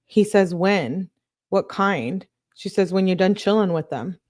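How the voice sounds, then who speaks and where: A woman hosting a true crime channel, reading text messages aloud in a plain, matter-of-fact way, with quick offhand comments between them. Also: medium pitch, a little mellow.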